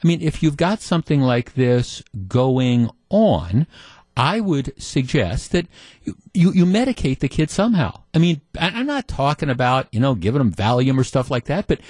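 A middle-aged man hosting a talk radio show, telling a story in an animated, mock-exasperated way into a studio microphone. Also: mid-range voice, moderate pace, no room sound.

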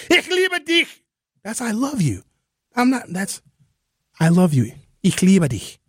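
A man hosting a talk radio show, delivering an opinionated, conversational monologue that slows down and speeds up for emphasis. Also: medium pitch, no echo, studio quality.

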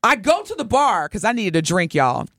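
Middle-aged woman co-host, lively animated delivery, dry close sound, casual storytelling. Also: medium pitch, moderate pace, dry recording. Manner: animated, expressive storyteller addressing listeners directly. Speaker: podcast co-host.

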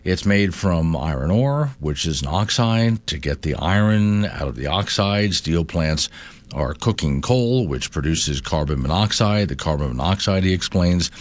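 A man's voice: low-pitched, measured pace. A man hosting a morning talk radio show, reading news and chatting with asides. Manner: conversational, animated, reads news aloud with asides. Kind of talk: talk radio monologue and banter.

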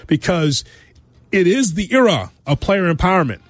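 Man, sports radio host, animated monologue, slightly high voice, dry studio sound. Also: normal speed, dry recording, soft background music. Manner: animated, rhetorical, repeats himself, acts out quotes.

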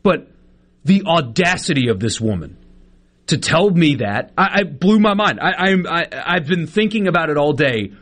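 A man in his thirties on a sports talk radio show, his voice a touch high and swinging widely as he tells an indignant story. He stammers and restarts, piling up outrage. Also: expressive, normal speed, fairly bright tone. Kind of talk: casual radio banter.

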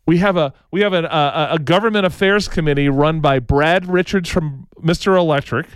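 A man's voice: fairly high pitch, brisk, clean tone, no echo. A man co-hosting a talk show, telling rambling opinionated stories, tagging his sentences with "right?" and slipping into impressions of the people he quotes. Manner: tags sentences with "right?", frequent restarts.

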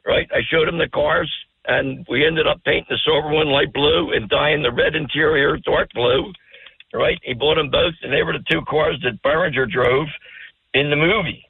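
An older man calling in to a radio show, chatting casually, rambling and stammering with a gravelly voice. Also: on the high side, fairly even intonation, normal speed, no echo. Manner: rambling, stammers and repeats words. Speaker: phone-in guest. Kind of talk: casual talk radio chat. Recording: dry tinny phone line.

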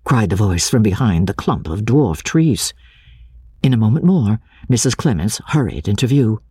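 A man narrating a classic novel in first person with a dramatic, expressive reading. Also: fairly low pitch, normal speed, husky, no echo. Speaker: audiobook narrator.

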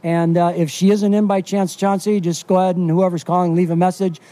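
A man's voice: high-pitched, flat delivery, brisk, dark tone. A middle-aged man from Wisconsin, a fishing guide talking in a casual radio interview, folksy and enthusiastic with lots of fillers.

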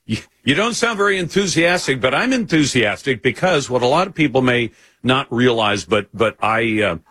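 A man's voice: medium pitch, expressive, moderate pace, fairly bright tone, no echo. A man hosting a talk radio show, speaking in an opinionated, emphatic way.

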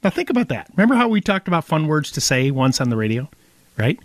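A man's voice: fairly high pitch, fast, no room sound, poor audio. A man hosting a home improvement radio show, telling playful stories in casual banter. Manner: animated storyteller, playful. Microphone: studio microphone.

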